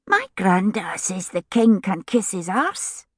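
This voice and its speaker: A woman's voice: medium pitch, very animated, slow, no room sound. A woman voicing a small, curious, cheeky boy who talks matter-of-factly. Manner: matter-of-fact, chirpy.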